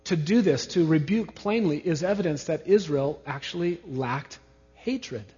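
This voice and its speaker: A man's voice: fairly high pitch, animated, unhurried, mellow. A male preacher works through scripture in a slightly raised voice and drives his points home by repeating single words. His voice rings out with a long hall echo. The recording has a dull, lo-fi quality. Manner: emphatic, repeats key words. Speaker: pastor. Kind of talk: expository sermon. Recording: reverberant hall, dull lo-fi sound.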